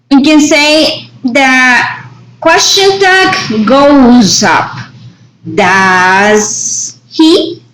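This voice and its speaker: A woman's voice: sits high, slight background noise, rough recording. A woman teaching English grammar in a recorded lesson, explaining step by step and often checking with "right?".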